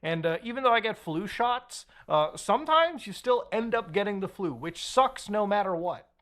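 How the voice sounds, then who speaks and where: A man's voice: high-pitched, animated, normal speed, a bit bright. A man narrating a commentary video in a conversational, skeptical way. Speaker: online commentator.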